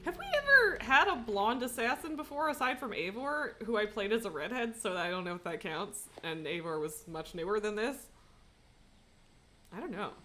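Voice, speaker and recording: A woman's voice: mid-range voice, animated, moderate pace, bright, forceful tone, slight background noise. A young woman streaming a game live, chatting casually, swearing and laughing often. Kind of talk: casual live gaming commentary.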